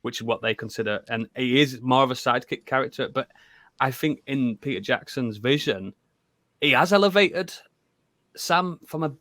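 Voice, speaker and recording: A man co-hosting a podcast in casual chat, animated, swearing and laughing often. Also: mid-range voice, dry recording. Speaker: podcast co-host.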